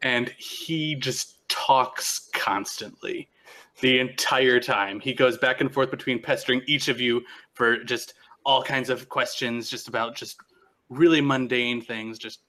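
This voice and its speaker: A man narrating as game master of a tabletop game, relaxed and halting. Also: mid-range voice. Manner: relaxed, halting, many restarts.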